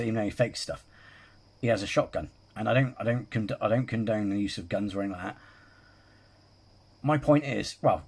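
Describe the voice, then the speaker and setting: A husky, slightly breathy man talks casually over the clips he is reacting to. He rambles, corrects himself mid-sentence and wanders off on chatty tangents. His pitch sits in an ordinary middle range. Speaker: reaction video host.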